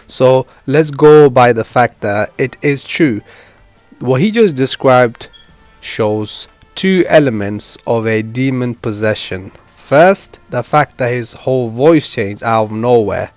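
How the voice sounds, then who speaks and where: Male commentary host, mid pitch, earnest and explanatory, dry close-mic sound. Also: expressive, takes it slowly, dry recording, soft background music. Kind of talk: reaction commentary.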